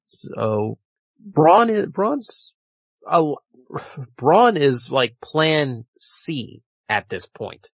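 A man's voice: medium pitch, lively intonation, slow pace, no room sound. A man co-hosting a casual chat, rambling a little and wry in tone, often restarting his sentences. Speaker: podcast co-host. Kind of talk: casual wrestling prediction chat. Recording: dull lo-fi audio.

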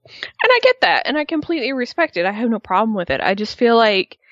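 A woman co-hosting a casual wrestling recap, expressive and acting out quotes in high voices. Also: fast, no room sound, highs cut off. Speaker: podcast co-host.

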